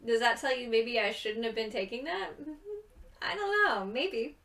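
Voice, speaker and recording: A young woman who makes gaming videos chats casually over gameplay, rambling and giggling, tired from too little sleep. Her voice is fairly high, a little slow and a bit bright, picked up by a distant mic.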